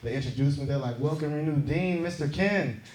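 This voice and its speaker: Brash profane comedian with a high voice. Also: male voice, a little fast, a little mellow, a little hiss or hum. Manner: brash, profane, crowd-teasing. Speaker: stand-up comedian. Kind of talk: stand-up set. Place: comedy club stage before a laughing audience. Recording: roomy club sound with crowd laughter.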